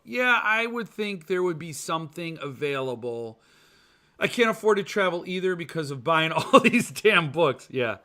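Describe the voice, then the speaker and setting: A man's high-leaning voice carries a sharp tone. He's a podcast host in casual rant mode, reading viewer comments, rambling, joking and fooling around with mock voices.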